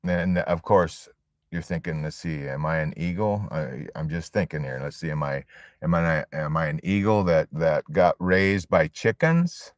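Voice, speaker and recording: A man delivers a storytelling sermon to a support group in a very low voice. He builds his points with emphatic phrasing and long dramatic pauses. The recording is dry and close. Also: dry recording.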